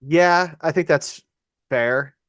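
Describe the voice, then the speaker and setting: A man's voice: on the high side, slow, a bit bright, dry recording, clean studio sound. A man co-hosting a podcast in casual chat, agreeable and chatty, often adding film trivia. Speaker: podcast co-host.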